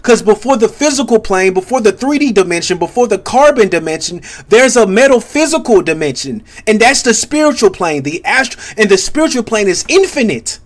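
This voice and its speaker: High-voiced young man, halting rambling talk. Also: expressive. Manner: halting, many restarts, keeps asking "you see what I'm saying". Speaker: content creator. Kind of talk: rambling spiritual commentary monologue.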